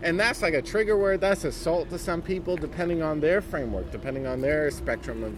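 A man hosting a casual chat with a fellow comedian, animated, profane and asking probing questions. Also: on the high side, a little fast. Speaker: comedian host. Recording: street traffic noise outdoors.

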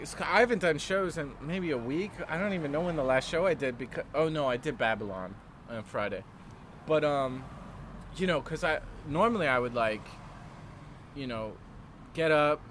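Overtired, blunt-talking young comedian. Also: male voice, medium pitch, a bit bright, a little hiss or hum. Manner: blunt, swears often, tired venting. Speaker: stand-up comedian. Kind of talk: casual chat.

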